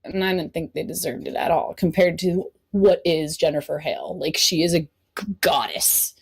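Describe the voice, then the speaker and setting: A woman guest on a podcast telling stories in a casual, animated way, laughing often and swearing freely. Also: deep voice, normal speed, creaky, slightly rough. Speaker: podcast guest, cosplay model. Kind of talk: casual storytelling chat.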